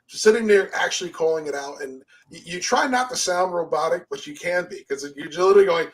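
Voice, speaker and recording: A man's voice: sits high, brisk, poor audio. A man talking as a guest in a casual chat, thoughtful and self-deprecating.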